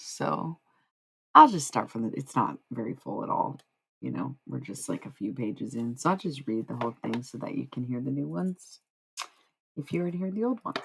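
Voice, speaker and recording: A live streamer talking loosely with the chat, swearing and laughing, with a gravelly fry under the voice. When reading the spiritual passages aloud, the pace slows into a deliberate, thoughtful delivery. The pitch sits in a middle range. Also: a bit bright, a little hiss or hum, rough recording.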